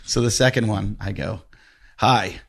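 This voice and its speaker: Brief: lower-pitched male podcast host, chatty and animated, laughs through his stories. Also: moderate pace. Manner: animated storyteller, laughs often, slips into quoted voices. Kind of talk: casual storytelling and ad read.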